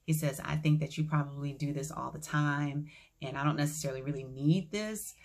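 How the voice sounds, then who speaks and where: A woman with a low voice and a gravelly edge tells a personal story in a casual vlog. She acts out each line of dialogue as she retells it, and her delivery stays calm and reflective. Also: fairly quick. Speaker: vlogger.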